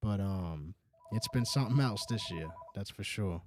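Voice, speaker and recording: A man's voice: lowish voice, animated, moderate pace, very noisy. A man hosting a casual sports call-in show, with laid-back, profane banter. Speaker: radio call-in show host.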